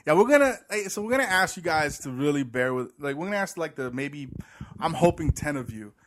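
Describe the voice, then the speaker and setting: A man's voice: fairly high pitch, expressive, a little fast, a bit bright. A man co-hosting a podcast, chatting casually and sarcastically, acting out quoted talk, with audible heavy breathing. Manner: sarcastic, storytelling, acts out quotes. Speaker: podcast co-host. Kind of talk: casual chat about church.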